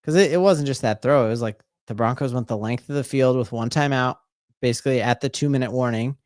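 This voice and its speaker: Excitable man calling a game live. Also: mid-range voice, quick pace, no echo, clean studio sound. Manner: excitable, bursts into loud repeated exclamations; rambling, casual, full of fillers and restarts. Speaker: fan streamer doing live play-by-play. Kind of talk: live fan play-by-play commentary.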